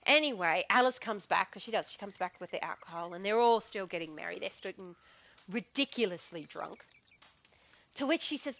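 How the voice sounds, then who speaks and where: A woman's voice: a little high, lively intonation, normal speed, a bit bright, low-quality recording. A woman with an Australian accent telling a story in a chatty, digressive way as a gaming vlogger. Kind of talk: casual storytelling.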